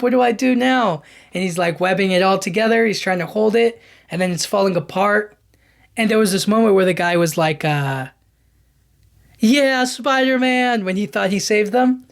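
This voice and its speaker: A man hosting a podcast, recapping film scenes in a casual, animated way with lots of fillers and restarts. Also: sits high, normal speed, creaky. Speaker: podcast host.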